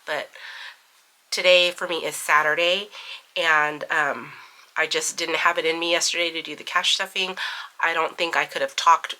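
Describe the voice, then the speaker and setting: Woman vlogger, bright tone, slightly low pitch, chatty with ums, counting bills aloud, recovering from bronchitis. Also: fairly even intonation, normal speed, low-quality recording. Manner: chatty, filler-heavy, counting cash aloud. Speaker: budgeting channel host. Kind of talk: casual chat.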